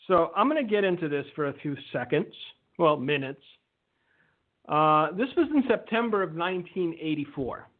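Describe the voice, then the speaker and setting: Male ministry host, high pitch, earnest and emphatic, phone-quality audio. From Romania. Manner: earnest, emphatic, with pauses and restarts. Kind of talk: preaching commentary, reading a testimony aloud.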